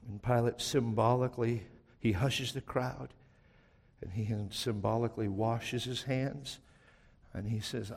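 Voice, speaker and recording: A man preaching a sermon, retelling a story dramatically, swinging from loud to hushed. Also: fairly high pitch, big-room sound. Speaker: pastor.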